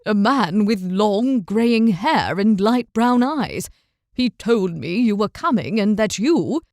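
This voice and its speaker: A woman voicing a young noble knight who speaks in a formal, old-fashioned way, slow and apologetic. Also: medium pitch, expressive, a little mellow, no echo, clean studio sound. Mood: anxious.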